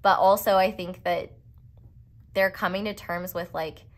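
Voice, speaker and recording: Here the tarot reader speaks a bit slowly in a lowish, steady voice. Her casual pick-a-card reading wanders along, heavy on "like" fillers and punctuated by teasing, self-deprecating remarks.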